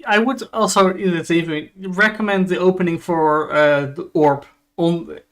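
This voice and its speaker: A man's voice: on the high side, steady tone, measured pace, a bit bright. A man co-hosting a stream in casual chat, with brief, laid-back remarks. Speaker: stream co-host.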